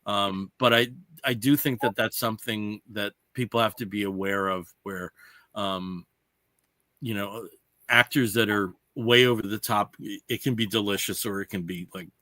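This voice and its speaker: A man's voice: on the low side, fairly even intonation, normal speed, bright, forceful tone, dry recording. A man hosting a podcast in casual chat, explaining comic books at length with lots of "you know" fillers. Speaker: podcast host.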